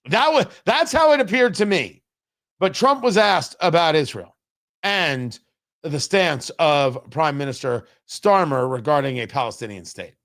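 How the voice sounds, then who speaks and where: A man's voice: on the high side, animated, fairly bright tone. A man hosting a political talk show, giving emphatic, opinionated commentary. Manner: emphatic, opinionated, drawn-out pauses for stress.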